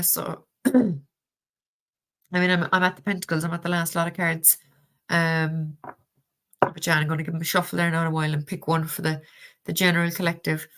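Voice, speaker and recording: A woman's voice: fairly low pitch, fairly even intonation, normal speed, long pauses, a bit bright. A woman with a Cork Irish accent chatting casually on a live stream, laughing often and swearing freely while reviewing a tarot deck. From Ireland.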